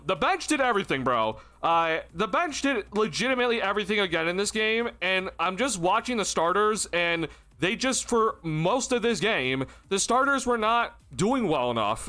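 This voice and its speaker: A young man hosting a casual postgame stream, excitable and swearing, full of fillers and laughs. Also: high voice. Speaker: sports stream host.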